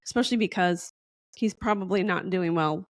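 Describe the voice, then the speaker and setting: Chatty storytelling woman, low dry voice. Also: moderate pace, dry recording. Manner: chatty, rambling storyteller acting out quoted dialogue. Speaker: podcast guest. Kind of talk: casual storytelling interview.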